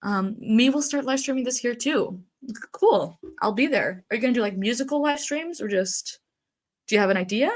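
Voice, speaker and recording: A woman's voice: fairly high pitch, lively intonation, moderate pace. Chatty streamer woman with a blocked nose. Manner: chatty, reads chat aloud, laughs often, frequent ums and likes. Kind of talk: casual live-stream chat.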